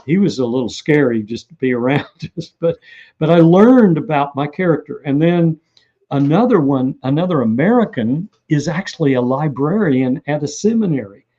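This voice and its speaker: A man, an author being interviewed, telling lively stories and acting out what people said. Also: on the high side, normal speed, muffled recording. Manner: animated anecdotal storyteller who acts out quotes. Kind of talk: interview storytelling.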